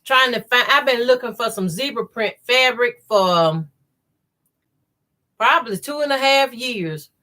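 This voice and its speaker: A woman with a Southern accent hosts a live quilting stream, greeting each viewer by name and reading their comments aloud. She talks slowly and easily, with a bright, clear tone. She keeps saying y'all. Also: on the high side. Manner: says y'all a lot. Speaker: quilting channel host. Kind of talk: live stream chat while sewing.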